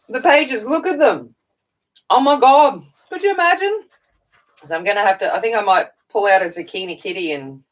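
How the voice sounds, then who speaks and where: A woman's voice: on the low side, poor audio. A woman hosting a casual livestream from home, tired and chatty, greeting viewers by name and talking while she eats. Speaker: coloring channel host.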